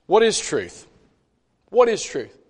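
A man preaching a conversational sermon in a church, folksy and animated, with chatty asides between scripture readings. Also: high-pitched, slow pace, breathy edge. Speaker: pastor. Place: church sanctuary. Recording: long church reverb.

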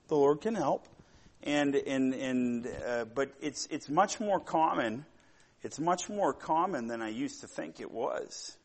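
A middle-aged male pastor preaches in a loose storytelling way, full of fillers and asides. His pitch climbs and his voice gets loud when he gets going. It sounds like casual talk from the pulpit, not a read script. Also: slow pace. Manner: storytelling, rambling with many fillers, getting loud and animated when worked up. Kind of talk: sermon.

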